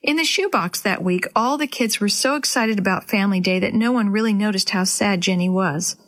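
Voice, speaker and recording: A woman hosting a children's story program, reading aloud gently and expressively. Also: mid-range voice, fairly quick.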